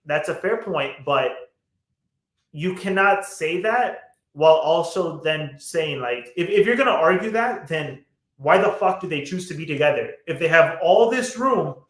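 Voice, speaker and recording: A man's voice: fairly high pitch, expressive, a little slow, roomy sound. A man co-hosting a podcast in casual chat, blunt and swearing often, with lots of fillers and restarts. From United States. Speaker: podcast co-host.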